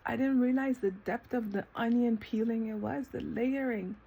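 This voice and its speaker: A woman vlogging a reflective self-talk monologue, rambling with lots of fillers and breaking into sudden high exclamations. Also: fairly even intonation, moderate pace, gravelly, slightly rough, lo-fi sound. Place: eating ice cream while filming herself.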